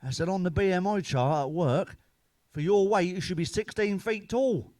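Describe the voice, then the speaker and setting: A middle-aged British man rattles off crude, sweary gags in a deadpan stand-up delivery. His voice sits a little higher than usual for a man. The sound is dry and close, with no room around it. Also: moderate pace, dry recording. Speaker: stand-up comedian. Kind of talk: deadpan joke-telling monologue.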